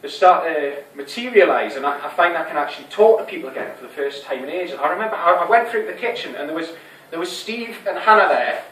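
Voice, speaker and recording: A man's voice: on the high side, lively intonation, quick pace, a bit bright. An actor playing an anxious, lovesick young man, rambling and hesitant, with many restarts, in a stage monologue. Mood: wistful. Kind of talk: theatre monologue. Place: small fringe theatre venue. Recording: echoey room, distant mic, faint hiss.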